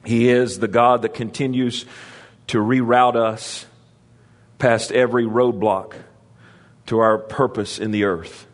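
Speaking slowly with fairly even intonation, a male preacher leads a call-and-response sermon. He lifts his voice to stress points and drifts into conversational asides, sometimes restarting.

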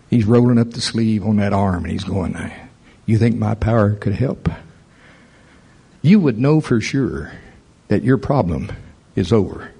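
A man's voice: fairly low pitch, husky. A man preaching a sermon as pastor, talking conversationally and building in energy. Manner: conversational preaching, rising animated toward the end.

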